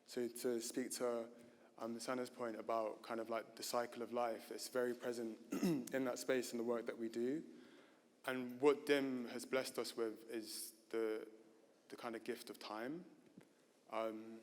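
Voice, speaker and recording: A man's voice: medium pitch, flat delivery, measured pace. A man speaking at a panel event, unscripted and hesitant, with many fillers and restarts. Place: gallery event stage. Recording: reverberant hall.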